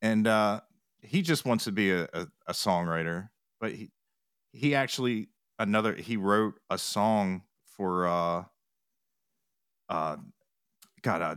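A podcast guest known for TikTok music reactions speaks slowly in a smooth, fairly bright voice on the low side. He rambles through the casual interview chat, restarting and retelling quotes, in a dry recording of studio quality.

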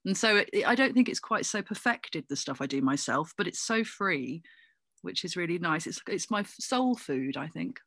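A middle-aged woman from England, chatting as a guest in an interview, animated and full of asides and fillers. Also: lowish voice, moderate pace, no echo. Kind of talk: casual interview chat.

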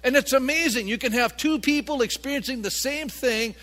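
High-voiced male pastor preaching in a reverberant hall. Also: a little fast, a bit bright. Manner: emphatic preaching with rhetorical questions to the congregation. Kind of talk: sermon.

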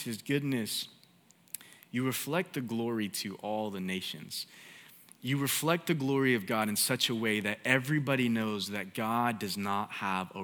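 Young man, preacher, casual sermon, bright clear tone. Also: mid-range voice, big-room sound. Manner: casual, conversational, with filler "like".

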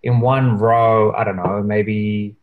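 Rambling man telling a story, muffled. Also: slow. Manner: rambling, full of "you know" and "like"; animated when recounting, pitch jumps up. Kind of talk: casual storytelling chat.

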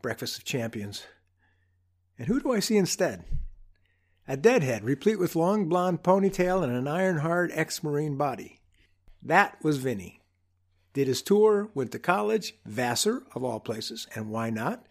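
A man hosting his own show, telling a reflective personal story in an unhurried, wry way with humorous asides. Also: a little high, very animated. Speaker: podcast host.

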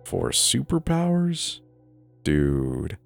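A man's voice: deep voice, huge pitch swings, drawn-out words, creaky, faint music behind, full character voice. A man voicing a creepy, grinning teenage boy who sells superpowers, in a mocking sing-song murmur.

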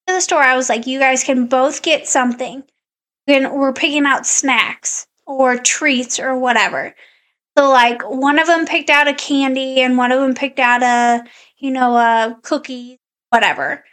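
A woman's voice: high-pitched, steady tone, measured pace, fairly bright tone. A woman podcast co-host in casual chat, animatedly telling a story and acting out her own quotes.

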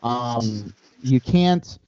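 A man's voice: medium pitch, lively intonation, drawn-out words, darkish tone, no echo, dull audio. A man co-hosting a casual chat, telling a profane story and acting out the quotes. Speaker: podcast co-host.

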